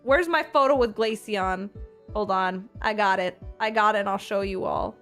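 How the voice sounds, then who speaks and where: A woman's voice: medium pitch, normal speed, a bit bright, soft background music. A woman streamer chatting casually with her viewers, bubbly and effusive, reacting to chat as she tells stories. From Seattle area.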